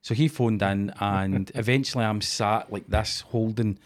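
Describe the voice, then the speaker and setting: A man's voice: on the low side, steady tone, a little slow. A man hosting a podcast, chatting casually and swearing freely. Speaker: podcast host. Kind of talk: casual chat.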